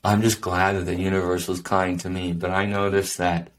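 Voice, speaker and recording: A man's voice: deep voice, little pitch movement, moderate pace. A man hosting a solo podcast episode, talking in an earnest, rambling, reflective way with many fillers. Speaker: podcast host.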